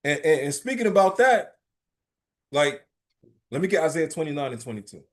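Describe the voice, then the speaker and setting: A man teaching a religious class in an informal, emphatic preaching style, often checking in with "right?" and telling lively, streetwise stories. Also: fairly high pitch, moderate pace. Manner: emphatic, keeps asking "right?".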